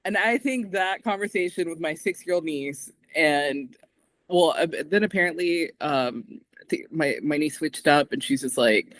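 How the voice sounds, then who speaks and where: A man co-hosting a podcast, animated and sarcastic, acting out quotes in casual recap chat. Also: on the high side, unhurried, no echo. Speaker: podcast co-host.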